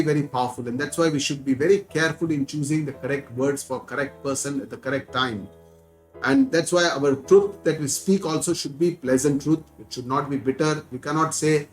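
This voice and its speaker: A man's voice: on the high side, rough recording. Earnest Indian man teaching scripture. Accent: Indian English. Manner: earnest, repeats words for stress, chants verses slowly. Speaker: Gita teacher. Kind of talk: spiritual discourse.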